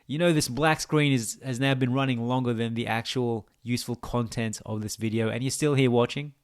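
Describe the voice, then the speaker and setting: A man's voice: mid-range voice, fairly even intonation, a little fast. A man with an Australian accent, a gaming video creator giving a rambling, mock-philosophical monologue that teases the viewer.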